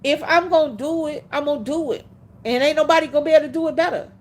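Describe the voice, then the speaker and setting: A woman hosting a livestream, telling stories in a casual, animated way, laughing often and speaking bluntly. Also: high-pitched, fast. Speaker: livestream host.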